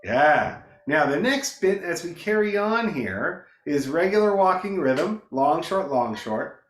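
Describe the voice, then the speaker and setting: A man's voice: on the high side, big pitch swings, unhurried, echoey room, over loud music. A man teaching a beginner fiddle class online, encouraging students, counting them in and calling out the notes. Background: fiddle playing.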